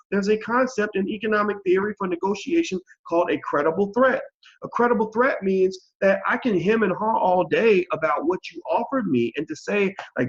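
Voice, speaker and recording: A man hosting his own channel, giving blunt, animated opinion commentary and swearing freely. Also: high-pitched, a little fast, dull audio. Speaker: channel host.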